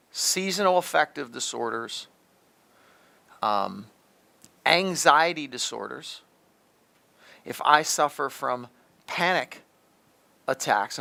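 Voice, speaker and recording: A man's voice: medium pitch, vocal fry, pushed and bright. A middle-aged man hosting a health advice talk, speaking emphatically and straight to the listener, often restarting his sentences. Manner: emphatic, repetitive restarts, talks directly to the listener. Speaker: host, pharmacist.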